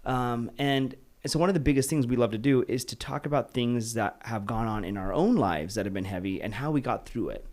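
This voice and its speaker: A man's voice: medium pitch, fairly quick, hardly any pauses, darkish tone. A man hosting a podcast, talking casually and eagerly affirming his guest. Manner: eager, affirming, says "dude" and "yeah". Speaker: podcast host. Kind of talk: casual interview talk.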